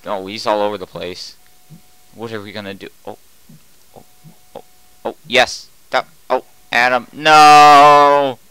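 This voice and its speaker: Young male gamer commentator, smooth clear voice, unhurried, flips from mutters to panicked yells. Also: medium pitch, fairly even intonation, no echo, rough recording. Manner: jumps between quiet muttering and loud panicked yelling. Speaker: gaming commentator. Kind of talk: excited gameplay commentary.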